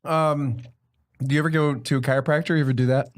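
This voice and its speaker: A young man hosting a casual comedy podcast from a small studio, joking with profanity and animated energy. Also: medium pitch, quick pace. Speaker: podcast host.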